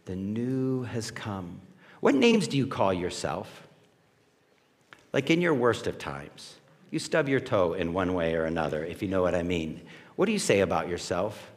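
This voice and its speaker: A man's voice: deep voice, a little slow. Pastor guy preaching, chatty, keeps asking the crowd stuff, voice jumps all over, big echoey church. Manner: conversational, animated, asks the congregation questions. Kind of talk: sermon. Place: church sanctuary. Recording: long reverb of a church hall.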